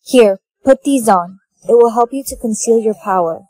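A woman's voice: a little high, moderate pace, warm tone, no room sound. A young woman acting in comedy skits with a scolding, bossy delivery. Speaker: skit co-performer. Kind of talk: comic POV skit acting.

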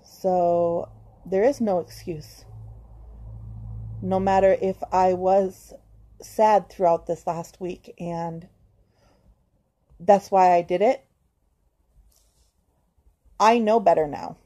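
A woman with a lowish, mellow voice keeps a steady tone and a slow pace, pausing frequently as she speaks straight to camera. In this confessional vlog she is earnest and hesitant, with plenty of ums and restarts while she gives herself encouragement.

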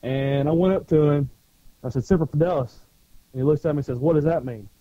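A former Marine co-hosting a podcast, telling stories in a profane, animated way and acting out the shouting. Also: male voice, on the high side, fast, no echo. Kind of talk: casual storytelling chat. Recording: dull lo-fi dry sound.

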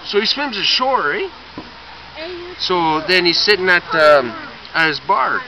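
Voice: medium pitch, sing-song, measured pace, crowd noise. A person telling a long, rambling joke casually, tagging lines with "eh?". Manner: rambling, tags lines with "eh?", swears mildly. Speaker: joke teller. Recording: distant, dull, noisy home recording.

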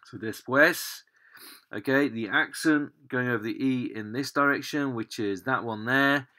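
A man's voice: mid-range voice, unhurried, bright, forceful tone. A man teaching a language lesson, explaining patiently while typing at a computer. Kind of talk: screen-recorded language lesson.

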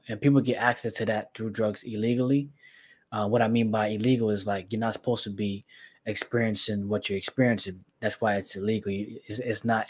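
A man's voice: mid-range voice, darkish tone. Man host explaining his view. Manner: reacts with short exclamations, then explains his view at length. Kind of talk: casual commentary.

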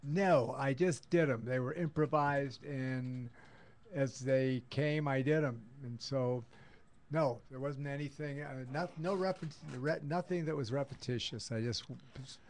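A man's voice: medium pitch, unhurried, a little mellow, slight background noise. An older man hosting a live radio talk show, playful and affectionate, calling people baby and darling. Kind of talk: casual live radio chat. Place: radio studio.

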